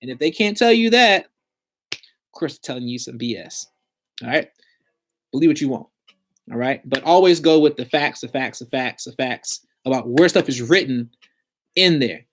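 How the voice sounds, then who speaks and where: A man's voice: mid-range voice, animated, normal speed, pauses often. A man giving blunt, slangy advice in a casual vlog about credit repair.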